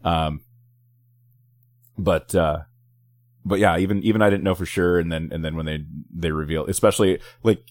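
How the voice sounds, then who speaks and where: A man's voice: low voice, steady tone, moderate pace, long pauses, a little mellow, no room sound. A man co-hosting a casual movie review podcast, a keen comic book fan who stammers and repeats words. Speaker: podcast co-host.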